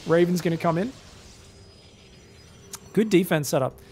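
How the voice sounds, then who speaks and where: A man's voice: sits high, unhurried, darkish tone, slight background noise. A man with an Australian accent doing solo esports commentary, chatty and joking with teasing asides. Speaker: esports caster.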